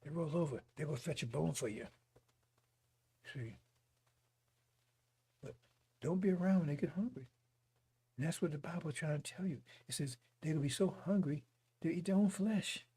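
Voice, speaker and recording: A man's voice: fairly high pitch, normal speed, pauses often, dark tone, breathy edge. A male preacher delivering a fiery broadcast sermon, mocking and chuckling between his points.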